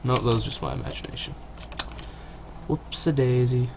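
A young man giving a rambling, self-deprecating, casual let's-play commentary from his computer at home, on a cheap mic. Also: normal speed. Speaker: gaming channel host. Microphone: cheap desktop mic near keyboard. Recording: noisy low-budget home recording.

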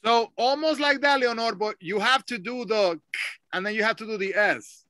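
A man's voice: high voice, normal speed, sharp tone, no room sound. A man teaching English over a video call, patiently drilling pronunciation and switching into Spanish. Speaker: ESL teacher. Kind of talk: online English lesson.

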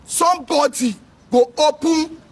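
Nigerian Pidgin man, very high voice, shouting rant, distant mic. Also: a little slow. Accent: Nigerian Pidgin English. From Edo State, Nigeria. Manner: shouting, sing-song scolding. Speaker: social commentator. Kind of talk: ranting commentary. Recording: distant mic with faint noise.

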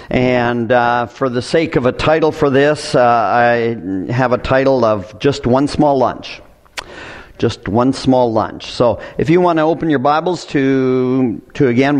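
A male pastor preaching in a church service, voice at a middle pitch. He reads scripture in a plain conversational way and breaks off to comment to the congregation. He also leads a prayer. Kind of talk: sermon with scripture reading and prayer. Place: church sanctuary.

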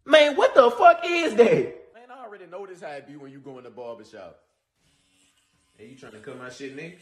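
A man's voice: sits high, wildly swooping pitch, fairly quick. A man voicing an over-the-top wildlife-show presenter with a put-on Australian accent, mocking a haircut. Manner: exaggerated, mocking.

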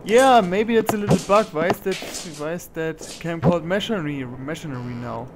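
A man's voice: fairly high pitch, brisk, background noise. A man giving let's play commentary on a horror game, talking to himself and yelping when he is startled. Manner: jumpy, talks to himself, yelps when startled.

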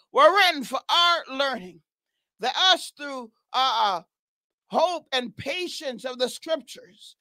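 Leading an impassioned prayer, this woman cries out praise after praise and breaks into tongues as she exhorts. She has a high-pitched, bright, forceful voice, recorded dry.

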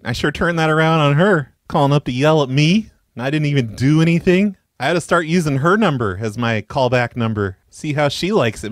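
A man hosting a prank call show, talking deadpan with fumbling, stammering restarts. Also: mid-range voice, dry recording.

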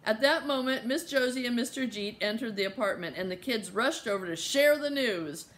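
Casting: woman narrator, higher-pitched, children's audiobook storytelling. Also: normal speed, fairly bright tone, a little hiss or hum. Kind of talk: scripted narration.

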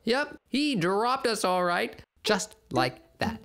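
A man voicing a mischievous trickster raven who narrates an animated film, teasing and playful. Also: high voice, clear, resonant tone, exaggerated voice. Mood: sly. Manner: teasing, slow storytelling with lively swings.

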